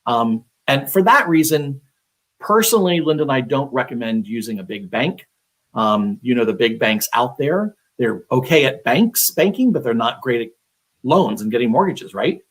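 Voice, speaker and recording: A man's voice: medium pitch, lively intonation, moderate pace. A man working as a real estate agent, giving casual advice on a live stream, talking conversationally with many fillers and restarts.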